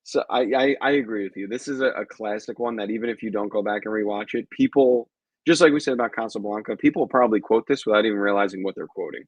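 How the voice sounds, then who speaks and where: A man's voice: lowish voice, quick pace, no room sound, lo-fi sound. Male co-host, easygoing, quotes films in silly voices, dry close recording. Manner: relaxed, laughs along, puts on voices for quotes. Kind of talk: casual live show chat.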